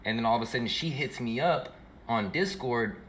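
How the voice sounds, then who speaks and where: A man's voice: mid-range voice, moderate pace, fairly bright tone, slight background noise. A young male streamer telling a long story in a slangy, profane, rambling way while he plays. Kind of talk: casual storytelling while gaming.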